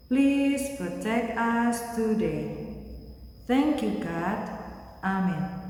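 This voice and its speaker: A woman with an Indonesian accent teaching young children an English lesson, speaking slowly in simple words and making animal sounds. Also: on the high side, mellow. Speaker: kindergarten teacher. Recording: very echoey room with long reverb.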